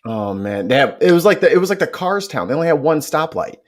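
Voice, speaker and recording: A man from St. Louis co-hosting a podcast, playful and quick to laugh in casual chat. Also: fairly high pitch, sing-song. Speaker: podcast co-host.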